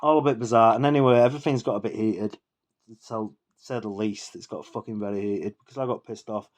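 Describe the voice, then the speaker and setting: A man's voice: fairly low pitch, fairly even intonation, fairly quick, a little mellow. A man, a bit tipsy from drinking, ranting in a rambling, sweary, indignant monologue for his vlog. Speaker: vlogger.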